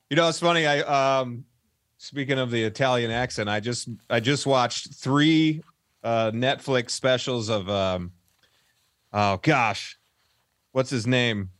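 A man's voice: medium pitch, takes it slowly, long pauses, a bit bright, no echo, studio quality. A man hosting a podcast, asking questions in a friendly, casual way, often restarting his sentences. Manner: friendly, stumbling questions, laughs easily. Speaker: podcast host. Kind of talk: casual interview chat.

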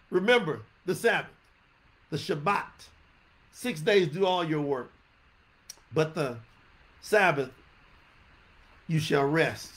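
A man teaches a sermon. He talks in an animated, conversational way, often stopping to ask his listeners questions. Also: sits high. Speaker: preacher.

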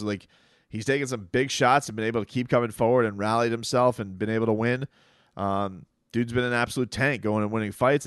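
A man's voice: on the low side, clean tone, no room sound, clean studio sound. A man talking through sports news in casual commentary, rambling and conversational with frequent restarts.

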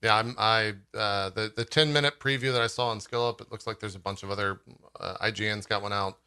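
A man hosting a casual podcast chat about video games, relaxed and laughing often. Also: on the low side, a little fast, clear, resonant tone. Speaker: podcast host.

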